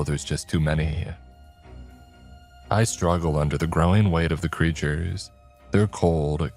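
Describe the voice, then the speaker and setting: A man narrating a scripted horror story in a slow, measured way. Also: very deep voice, a little mellow. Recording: faint background music.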